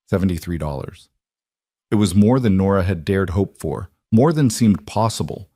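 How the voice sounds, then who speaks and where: A man narrating a scripted Western story in a steady, measured way. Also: on the low side, no room sound, studio quality.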